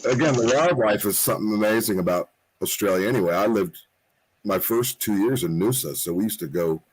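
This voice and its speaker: A man's voice: fairly low pitch, fairly quick, slightly rough, rough recording. A man chatting casually, rambling and swearing freely, a little tipsy after a few drinks. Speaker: guest. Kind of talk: casual chat.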